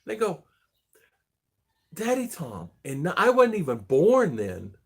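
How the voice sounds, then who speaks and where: A man's voice: on the high side, huge pitch swings, a little slow, creaky. A middle-aged man hosting a casual livestream chat, greeting viewers by name in a chatty way. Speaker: livestream host.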